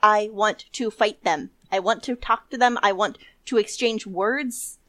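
A young woman chatting casually as a podcast co-host, recapping an episode with lively, animated delivery, frequent laughs and the odd swear. Her voice sits at an everyday pitch and is recorded close and dry, with no room sound. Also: a little slow, dry recording.

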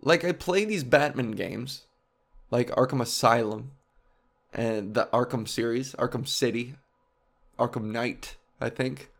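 A comedian podcast host with a medium-pitched, measured voice and some vocal fry delivers a casual comic monologue. He's animated and profane, rambling from one topic to the next.

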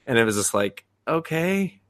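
Low-voiced man telling anime stories. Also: moderate pace, no room sound, clean studio sound. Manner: animated storytelling, acts out quotes, profane. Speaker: podcast co-host. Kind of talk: casual chat.

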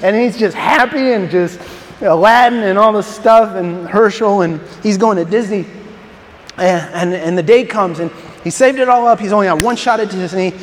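Brief: high-voiced male pastor, animated storyteller who stumbles into restarts, long reverb in a large hall. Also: moderate pace, a little hiss or hum.

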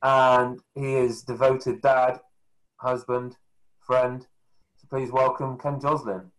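Podcast host guy, mid pitch voice, friendly intros. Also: flat delivery, slow pace, low-quality recording. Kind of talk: interview hosting.

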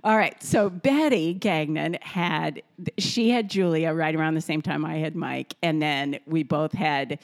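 A middle-aged woman co-hosting a podcast from a home kitchen, telling stories casually with lively energy and frequent laughter. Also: low voice, measured pace. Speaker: podcast co-host. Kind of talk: casual storytelling.

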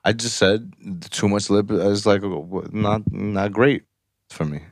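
A man's voice: lowish voice, slow, dry recording, clean studio sound. A man in his thirties in crude casual banter, joking and defending himself. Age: 30s.

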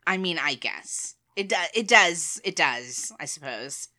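An American woman co-hosting a podcast, chatting casually, laughing often and explaining things slowly. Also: sits low, expressive, sharp tone. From United States. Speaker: podcast co-host. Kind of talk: casual chat.

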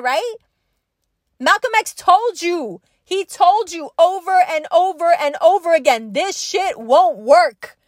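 Young woman, high-pitched, angry emphatic podcast host, dry close sound. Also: no echo. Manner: angry, emphatic, profane, repetitive. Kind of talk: impassioned monologue.

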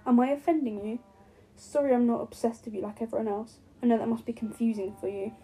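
Cocky, tipsy young man with a teasing edge , read by a woman, husky and fairly high. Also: steady tone, fast, mellow, poor audio. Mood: flustered. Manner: teasing, provoking.

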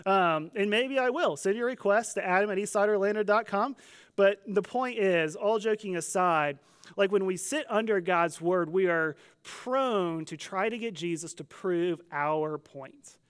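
Pastor, male, high voice, relaxed conversational preaching with playful asides. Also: a little slow, clear, resonant tone. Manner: conversational, joking, animated quoting voices. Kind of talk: sermon.

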